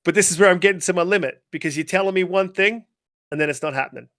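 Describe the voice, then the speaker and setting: A man guest on a gaming interview show, ranting casually and swearing freely in a worked-up, animated way. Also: high voice, quick pace, no room sound, studio quality. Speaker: guest gamer.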